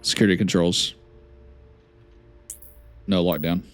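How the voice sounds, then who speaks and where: Low-voiced man playing a game. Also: fairly even intonation, a little slow, a little hiss or hum. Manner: thinks aloud, reads dialogue choices. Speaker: let's play host. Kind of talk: casual gameplay commentary.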